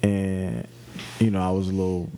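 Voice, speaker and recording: A man's voice: low-pitched, flat delivery, moderate pace, warm tone, slight background noise. A man co-hosting a podcast, telling a story in slangy, laid-back casual chat. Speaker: podcast co-host.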